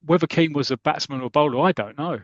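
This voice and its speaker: A man's voice: on the high side, fast talker, dry recording, dull audio, natural voice. A man reading aloud the lines of a kindly old male gardener from a comic strip.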